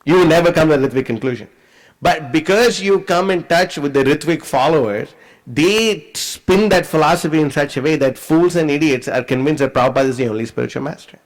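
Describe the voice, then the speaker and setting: A man's voice: on the high side, fairly quick, low-quality recording. A man leading an informal scripture class, talking it through and often asking if listeners understand. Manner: conversational, repeats questions to check understanding. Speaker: devotee teacher leading a class.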